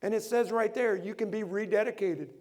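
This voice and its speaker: A middle-aged man preaching a sermon to his congregation, animated, asking the room rhetorical questions. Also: high-pitched, a little fast. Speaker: pastor.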